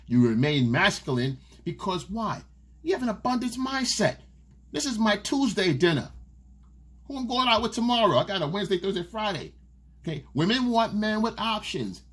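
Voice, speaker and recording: A man's voice: sits high, fairly bright tone, breathy edge. A man giving casual dating advice in a monologue. He is blunt and profane and keeps asking "okay?". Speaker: dating coach.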